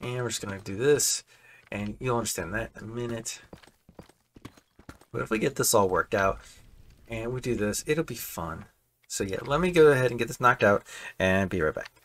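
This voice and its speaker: A man's voice: mid-range voice, animated, normal speed, long pauses, a bit bright, slight background noise. A man chatting casually while building in a game, rambling and correcting himself as he goes. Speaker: Minecraft building creator. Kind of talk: casual gameplay commentary. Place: home room.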